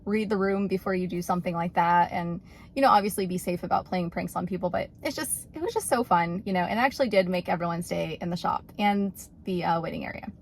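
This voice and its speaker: A woman's voice: on the low side, quick pace, vocal fry, a little hiss or hum. Chatty woman telling a funny story. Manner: chatty, rambling, full of "like" fillers. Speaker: YouTuber. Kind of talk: casual storytelling vlog.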